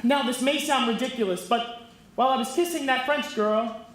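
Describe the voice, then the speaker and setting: An earnest, lovesick young groom pleads in a high voice, played by a woman. It rings through a very echoey stage hall. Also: moderate pace, natural voice. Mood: pleading. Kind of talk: stage musical performance.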